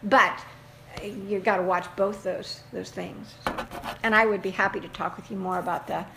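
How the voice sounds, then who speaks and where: A woman giving casual, folksy advice to a caller, animated and emphatic, often laughing as she talks. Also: mid-range voice, normal speed, vocal fry, background noise. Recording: echoey room with faint ambience.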